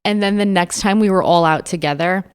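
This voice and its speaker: A woman's voice: on the low side, fairly quick, clear, resonant tone. A young woman in her twenties co-hosting a podcast, telling a story candidly in casual chat, swearing often and saying "like" a lot. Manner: candid storytelling, frequent swearing and laughter, lots of "like". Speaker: podcast co-host.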